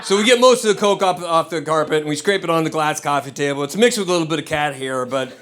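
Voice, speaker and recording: Profane comedian, slightly high voice. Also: male voice, fast, fairly bright tone, a little hiss or hum. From United States. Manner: profane, rambling storytelling with chuckles. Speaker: stand-up comedian. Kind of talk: stand-up comedy set. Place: comedy club stage.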